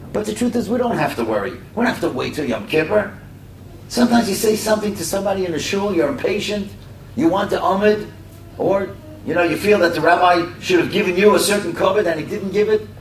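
Speaking at a religious community gathering, a middle-aged man gives a storytelling sermon, brisk and animated, with frequent conversational asides. He was recorded from far off in an echoey room, with a low rumble underneath.

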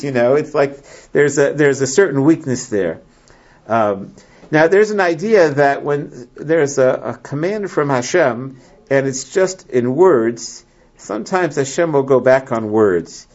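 A man teaching a Bible class to a small group. He reads verses aloud and explains them in a halting way, with many restarts. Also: mid-range voice, expressive, darkish tone. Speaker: Torah teacher. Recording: lo-fi, muffled recording.

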